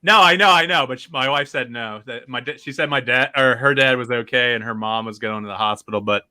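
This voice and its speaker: Bright-voiced man hosting a podcast. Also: medium pitch, fairly quick, no room sound, clean studio sound. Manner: rambling, laughs often, restarts. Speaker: podcast host. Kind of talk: casual chat.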